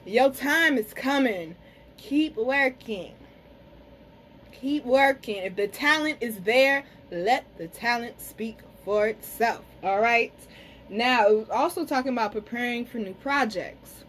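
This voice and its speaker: A woman giving a casual card reading to camera, talking frankly to her viewers, cursing freely and slowing down to say some words carefully. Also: a little high, fairly bright tone, a little hiss or hum, poor audio. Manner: frank, chatty, curses freely, addresses viewers as y'all. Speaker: tarot and spiritual reader.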